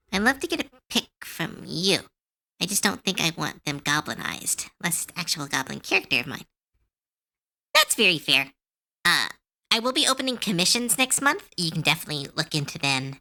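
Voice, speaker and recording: Drawing on a live art stream, a woman rambles animatedly at a normal speed, with plenty of fillers and restarts. Her slightly low voice has vocal fry and a bright, sharp edge, and it swings widely in pitch.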